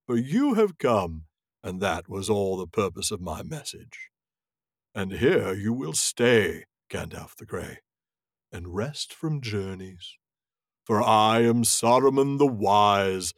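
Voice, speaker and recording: A man voicing a scornful, proud old male wizard in a slow, grave, sneering reading. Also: lowish voice, no echo, studio quality, exaggerated voice. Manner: slow, grave, scoffing delivery. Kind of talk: reading a novel aloud in character voices.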